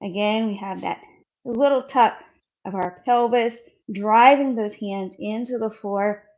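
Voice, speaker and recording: A woman's voice: medium pitch, a little mellow, lo-fi sound. Breathless woman coaching a workout. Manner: encouraging, counts reps aloud, demonstrates while talking. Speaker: fitness instructor. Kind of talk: coaching a follow-along workout.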